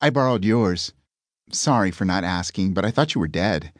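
A man's voice: low voice, animated, normal speed, no room sound. A man voicing a prim, courteous young woman in an audiobook, speaking with formal phrasing. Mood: explaining.

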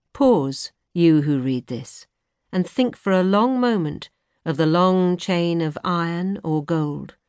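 A woman reading a novel aloud in a measured, expressive way. Her voice sits somewhat low for a woman. The studio recording is close and dry, with no room sound. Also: no echo. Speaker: audiobook narrator. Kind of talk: scripted narration.

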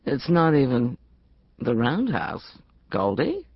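A blunt, wealthy friend, husky and gruff from being woken early, put on by a woman narrating an audiobook. Her pitch jumps about. The sound is dry and slightly dull. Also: wildly swooping pitch, slow pace, dry recording, heavily acted. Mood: gruff sleepy. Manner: gruff and sleepy, then sharp.

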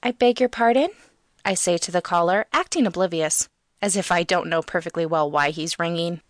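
A woman narrating a first-person comic novel in a lively, expressive, wry way. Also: on the low side, brisk, no room sound, clean studio sound. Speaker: audiobook narrator.

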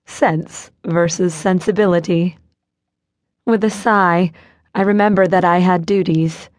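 A woman narrating a first-person audiobook with measured, wistful storytelling. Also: fairly low pitch, steady tone, dry recording, clean studio sound.

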